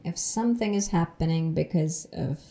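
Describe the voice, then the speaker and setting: A woman teaching English from sitcom clips, explaining phrases slowly and repeating them for learners. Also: on the low side, vocal fry, warm tone. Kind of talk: explaining language lesson.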